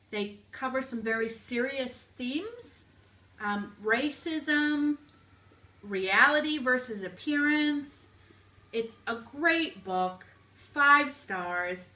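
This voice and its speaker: A woman vlogger giving a relaxed, upbeat book recommendation. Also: medium pitch, roomy sound, recorded from a distance, poor audio. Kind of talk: casual book review.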